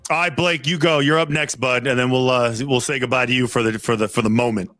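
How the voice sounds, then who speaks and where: Bright, rambling male podcast host. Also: mid-range voice, fairly quick, dry recording. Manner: rambling, animated. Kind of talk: casual storytelling chat.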